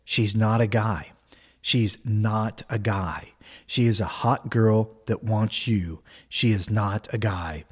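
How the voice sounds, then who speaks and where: A man voicing a calm, cool man who repeats a slow mantra to himself at a mirror. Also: husky. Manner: slow, low, deliberate.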